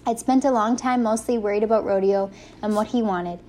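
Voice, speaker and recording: Female audiobook narrator, mid-pitched, first-person storytelling, faint hiss under the voice. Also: fairly even intonation, a little fast, a little mellow.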